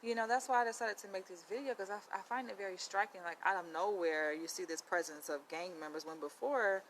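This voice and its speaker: A young woman in her twenties telling a story to camera in a chatty, animated way, with lots of "like" and "you know.". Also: medium pitch, brisk, a little hiss or hum, poor audio. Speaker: vlogger.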